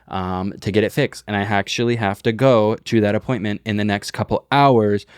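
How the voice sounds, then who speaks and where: Man, podcast co-host, low smooth voice, dry sound, casual and swearing. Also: dry recording. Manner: loose, joking, swearing. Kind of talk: casual chat and host-read ad.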